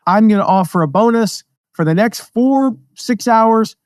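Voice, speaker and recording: Energetic American man, slightly high voice. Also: a little slow, clean tone, dry recording, studio quality. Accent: mostly neutral American. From American Midwest and South. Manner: energetic, conversational, jumps into quoted voices. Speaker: podcast host, affiliate marketing teacher. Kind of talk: casual teaching monologue.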